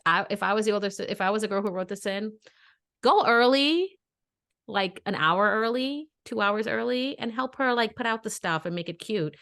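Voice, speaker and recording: A woman co-hosting a casual podcast. She is a mother and talks bluntly, giving animated opinions and telling stories. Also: medium pitch, a little fast, creaky, few pauses. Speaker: podcast co-host. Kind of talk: casual chat.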